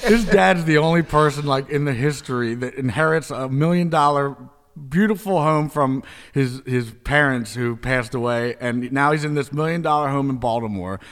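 A man's voice: mid-range voice, normal speed. A man telling wild stories in a casual chat, laughing and acting out the people he quotes. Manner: laughing, animated, acts out quoted voices. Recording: hall reverb.

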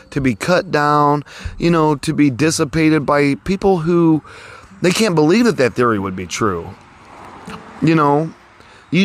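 Rambling folksy man hosting an outdoor podcast. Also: fairly high pitch. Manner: rambling, folksy, lots of "you know" fillers. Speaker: podcast host. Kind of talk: casual podcast monologue. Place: outdoors near a road.

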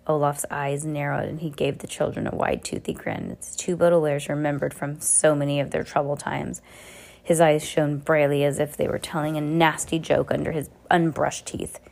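Low-voiced woman reading a novel aloud. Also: steady tone, moderate pace, gravelly, darkish tone. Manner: unpolished reading with frequent self-corrections. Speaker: reader.

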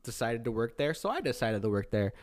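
A man's voice: medium pitch, very animated, a little fast. A young man co-hosting a podcast, teasing his friend in casual chat. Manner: teasing, interrupting. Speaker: podcast co-host.

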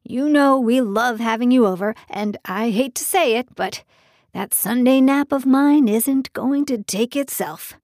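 A woman's voice: on the high side, a little slow, a little mellow, no echo, clean studio sound, pitched above the performer's own voice. A woman voicing a fatherly older man in an audiobook, teasing and genial. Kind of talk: audiobook character voice.

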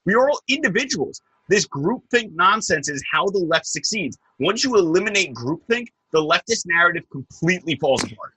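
A young man hosting a heated political chat, and his voice swings high and low with real animation. His tone is bright and a little husky, and the sound is dry and close. He talks in an emphatic, scornful way. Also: sing-song, moderate pace, hardly any pauses, dry recording, poor audio. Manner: emphatic, scornful, rising to sharp peaks. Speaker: political talk show host.

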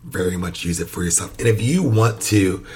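A man's voice: low-pitched, normal speed, a little mellow. A man hosting a podcast, talking loosely about his work with young children, with lots of fillers and restarts. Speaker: podcast host; early childhood educator. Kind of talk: casual podcast monologue.

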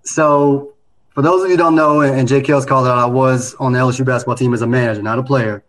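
A man in his late thirties, co-hosting a podcast, telling a story in a relaxed, casual chat that grows animated. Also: mid-range voice, fast, rough recording. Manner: laid-back, animated when telling a story. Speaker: podcast co-host.

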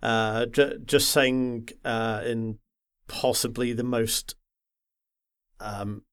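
A man from the Wirral in England, chatting casually about a game on a podcast and rambling with lots of pauses and filler sounds. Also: medium pitch, steady tone, a bit bright, clean tone. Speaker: podcast co-host.

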